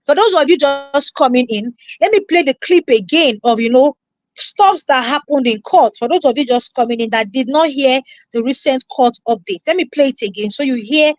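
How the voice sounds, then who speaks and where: Nigerian woman, live-stream reactor, very high, animated and scolding, dry mic. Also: moderate pace, no room sound. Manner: animated, scolding, repeats herself, greets viewers.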